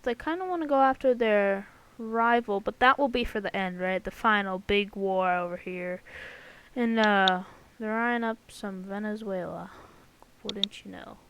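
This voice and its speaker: Woman, slightly high-pitched, casual rambling map commentary, jokey with playful sound effects. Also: a little hiss or hum, poor audio. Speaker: channel host. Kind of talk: casual commentary over an alternate-history map.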